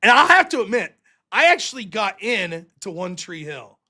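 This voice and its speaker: Animated, profane man hosting a livestream. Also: sits high, normal speed. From United States. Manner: profane, rambling, jokey. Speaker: livestream host. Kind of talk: casual livestream commentary.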